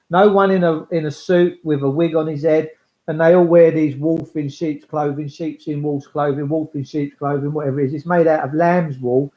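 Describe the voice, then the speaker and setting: A man talking in a rambling monologue, blunt and coarse, swearing freely and acting out voices. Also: on the high side. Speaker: speaker addressing listeners. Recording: echoey, dull lo-fi recording.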